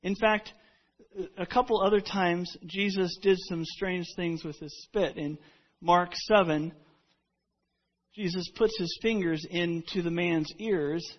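A man's voice: high-pitched, slow, lo-fi sound. A man preaching a sermon, telling stories in a conversational way with frequent restarts. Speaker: pastor.

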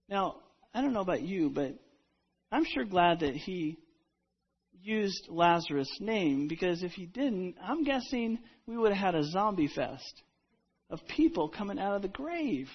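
A woman retelling a Bible story in the first person as a disciple, halting and repeating herself, dropping to a hush and then rising loud. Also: mid-range voice, animated, breathy edge. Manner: halting, with repeated words and restarts; dramatic swings between hushed and loud. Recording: dull lo-fi recording.

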